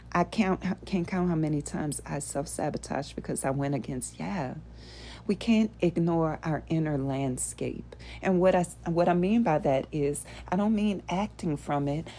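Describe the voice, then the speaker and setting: Lowish and slightly mellow, this woman's voice carries her show as host. Earnest yet conversational, she teaches spiritual principles before a live audience and keeps asking them rhetorical questions.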